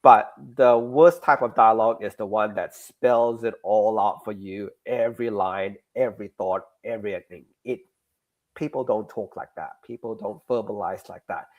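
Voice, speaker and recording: A middle-aged Australian man speaks as an interview guest, talking over his craft in a lively, animated way. He slips into little acted-out bits of dialogue to make a point. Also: fairly low pitch, moderate pace, muffled recording. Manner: animated, acts out dialogue examples. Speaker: guest creator. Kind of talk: casual interview chat.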